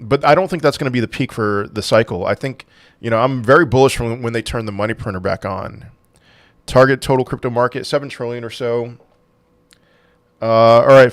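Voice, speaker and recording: A man's voice: mid-range voice, dry recording. A man hosting a casual crypto livestream, reading out viewer questions and answering with offhand, dry sarcasm.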